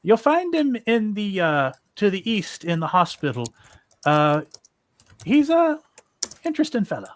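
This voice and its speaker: Man doing an almost-Irish folksy cleric, high lively voice. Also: unhurried, full character voice. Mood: friendly. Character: male church official with an almost Irish accent.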